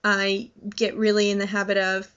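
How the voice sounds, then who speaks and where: A woman's voice: medium pitch, completely flat delivery, normal speed, fairly bright tone, clear, resonant tone. A young adult woman talking casually to her vlog audience, rambling with many fillers and restarts. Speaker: vlogger. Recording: dull lo-fi sound.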